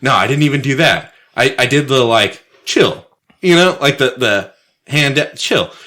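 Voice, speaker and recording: Animated, bright-voiced profane man. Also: mid-range voice, a little slow. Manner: profane, animated anecdote telling. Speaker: podcast co-host. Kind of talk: casual storytelling chat.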